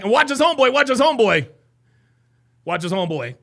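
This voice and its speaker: Male stream host, very high gravelly voice, bright and bouncy, mocking reaction commentary. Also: fast talker. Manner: excitable, mocking, repeats himself. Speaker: livestream host.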